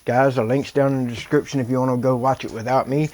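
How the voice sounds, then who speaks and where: A man's voice: medium pitch, fairly even intonation, quick pace, darkish tone, a little hiss or hum. A man hosting a reaction video, talking casually in a rambling, indignant and exasperated way.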